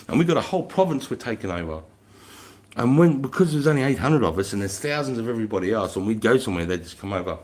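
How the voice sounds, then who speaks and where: A man's voice: mid-range voice, very animated, a little fast, a little mellow. Australian man in his thirties, livestream guest, casual and rambling, heavy swearing. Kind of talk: casual chat.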